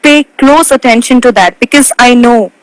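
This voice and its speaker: Earnest high-voiced young woman. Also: no echo, poor audio. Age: 20s. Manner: earnest, stresses key words, slows to make a point. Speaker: pageant titleholder guest. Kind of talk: casual interview over a live video call. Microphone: video call.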